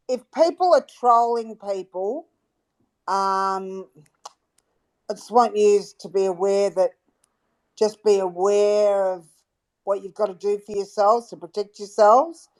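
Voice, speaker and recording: A woman speaks up in a live online audio room, talking through her phone at an unhurried pace. She sounds earnest and hesitant, feeling her way with fillers as she goes. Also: mid-range voice. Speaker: listener speaking in a chat room. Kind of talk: casual chat. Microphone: phone mic in an online audio room.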